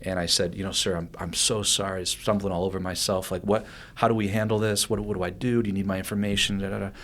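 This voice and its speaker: Low-voiced man telling a story, rambling. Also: quick pace. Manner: animated, rambling with restarts and fillers. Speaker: guest. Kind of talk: storytelling in a podcast interview.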